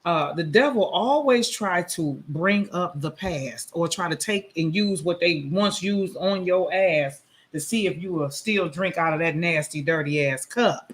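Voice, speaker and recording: A man's voice: fairly high pitch, a little slow, fairly bright tone. A man hosting a casual live stream, talking bluntly and with plenty of profanity, preaching to his viewers. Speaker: livestream host. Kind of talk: casual live-stream talk reacting to a song.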